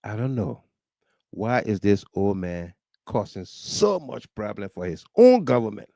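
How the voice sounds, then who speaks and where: A man with a Liberian accent hosting a political talk livestream, animated, laughing often and reading viewer comments aloud. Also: on the low side, measured pace, creaky, no echo. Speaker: talk show host.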